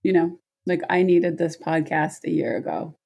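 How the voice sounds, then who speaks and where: A woman's voice: fairly low pitch, normal speed, gravelly, mellow, husky. A woman co-hosting a podcast, chatting casually, teasing and asking questions, on a tiny clip mic while traveling. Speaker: podcast co-host. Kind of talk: casual chat. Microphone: tiny mic clipped to a cup.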